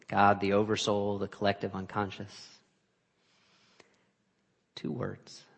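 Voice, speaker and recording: A man's voice: lowish voice, monotone, slow pace, vocal fry, husky. Dramatic male preacher in a reverberant hall. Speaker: pastor. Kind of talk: sermon.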